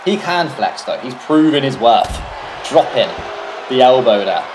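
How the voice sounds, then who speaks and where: A British man calls a wrestling video game match alone in a mid-pitched voice, chatty and loose. He swears freely and wanders off into jokey tangents. A steady hiss of background noise runs beneath his voice. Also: measured pace. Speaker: solo commentator. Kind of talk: casual play-by-play commentary of a wrestling video game.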